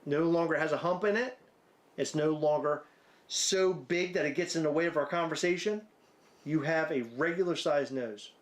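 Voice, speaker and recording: A podcast co-host with a slightly high voice at normal speed rambles through crude, absurd hypotheticals, trading profane banter.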